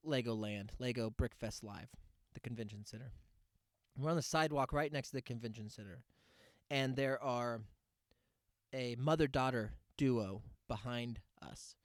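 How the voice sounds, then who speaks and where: A man's voice: medium pitch, darkish tone, smooth, no room sound, clean studio sound. A man hosting his podcast, telling a ranting, sarcastic comic story. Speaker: podcast host. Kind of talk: comedic podcast monologue.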